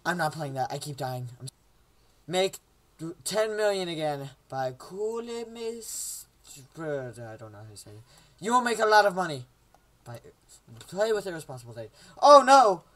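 A man's voice: fairly high pitch, big pitch swings, a little slow, long pauses, fairly bright tone. A young man casually commentating a game he plays at home, joking around and doing silly voices for the characters. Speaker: gameplay commentator.

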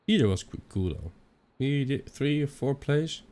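A man's voice: medium pitch, sing-song, moderate pace, a little mellow. A young man with a Dutch accent giving rambling, chatty let's-play commentary, swearing now and then. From Netherlands. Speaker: gaming channel host.

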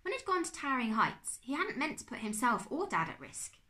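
A woman teacher reading a children's novel aloud to her class in an expressive, animated way. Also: high voice, fairly quick.

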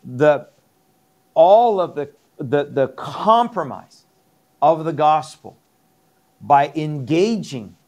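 A man's voice: a little high, animated, takes it slowly, pauses often, a little mellow. A middle-aged man from Iran, a pastor, telling his conversion story in an interview with earnest, emphatic repetition. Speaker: pastor and guest. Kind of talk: testimony in an interview.

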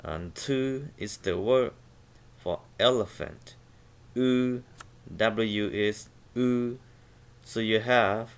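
Guy doing a slow pronunciation lesson, sounds out each syllable, smooth clear voice. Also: lowish voice. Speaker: language teacher.

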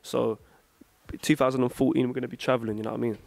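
A man's voice: mid-range voice, level tone, fast, creaky, a little mellow, a little hiss or hum. A young man from England, a rapper chatting casually in an interview, full of street slang and "you know what I'm saying". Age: young adult.

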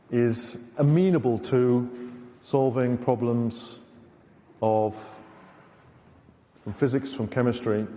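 A man's voice: mid-range voice, dark tone. British man lecturing in an echoing hall. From Britain. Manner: dry, sarcastic asides, many fillers. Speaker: conference speaker. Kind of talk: technical conference lecture. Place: university lecture theatre.

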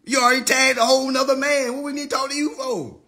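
A man hosts a comedic roast livestream, animated and profane, with frequent laughter. His voice sits high and sounds bright and forceful. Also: fast. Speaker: livestream host.

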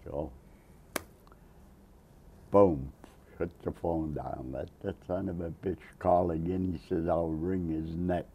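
Old guy in his 90s, deep gravelly voice, slow and rambly, laughs at his own stories. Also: steady tone, warm tone. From Massachusetts, USA. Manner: rambling storyteller, chuckles often, acts out quotes. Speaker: Navy veteran interviewee. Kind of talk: oral history interview.

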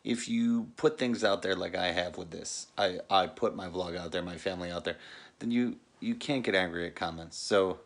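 Low-voiced middle-aged family vlogger. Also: male voice, moderate pace. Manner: joking, turning earnest and reflective. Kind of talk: casual vlog chat.

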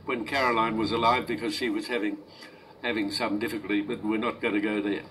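A man in his eighties hosting talk radio, answering a hostile caller in a measured but indignant way. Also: lowish voice, little pitch movement, a bit bright. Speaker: radio host. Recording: distant radio recording with faint noise.

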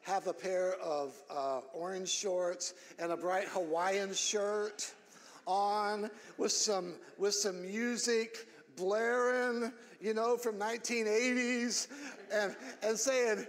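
High-voiced pastor preaching in a reverberant church. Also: male voice, fairly even intonation, takes it slowly. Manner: earnest, repeats phrases, builds to shouted emphasis. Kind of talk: sermon. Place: church sanctuary.

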